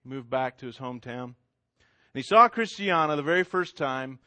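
A man's voice: mid-range voice, expressive, normal speed, sharp tone, no room sound. A man telling a story in a casual, conversational way, with asides to the listener. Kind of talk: oral storytelling.

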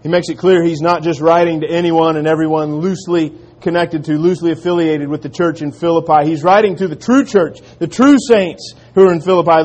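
A man preaching a sermon in an earnest manner, dropping to quiet, slow emphasis on key lines. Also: high-pitched. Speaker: pastor.

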